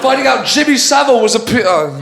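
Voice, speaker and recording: A man's voice: extremely high pitch, very animated, quick pace, vocal fry, over a noisy crowd. A man with an English accent doing a rambling, self-deprecating stand-up set on stage, talking into a handheld mic. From England. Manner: rambling, self-deprecating, puts on silly voices. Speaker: stand-up comedian. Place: comedy theatre stage before a live audience. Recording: echoey theatre with audience noise.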